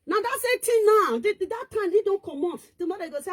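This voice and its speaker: A woman's voice: extremely high pitch, animated, quick pace, hardly any pauses. A woman with a Nigerian Pidgin accent, ranting and scolding in casual online commentary, switching between languages.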